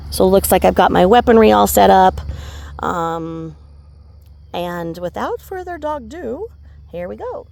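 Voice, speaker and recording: A woman's voice: mid-range voice, lively intonation, a little slow, gravelly, a little mellow, a little hiss or hum. A woman vlogging outdoors by a remote river, chatty and rambling with many fillers and asides, filmed on a handheld phone. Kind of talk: casual rambling vlog narration.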